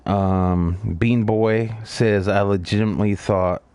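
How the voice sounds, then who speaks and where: Man, podcast host, very deep gravelly voice, swears a lot, casual chat. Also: fairly even intonation, takes it slowly, a little mellow, dry recording. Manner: profane, storytelling.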